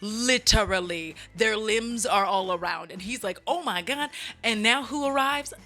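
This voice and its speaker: A woman's voice: mid-range voice, a little slow, pushed and bright, soft background music. A woman hosting her channel, retelling a movie in a chatty, comic way with asides straight to her viewers. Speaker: channel host. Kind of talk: comedic movie recap. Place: at home.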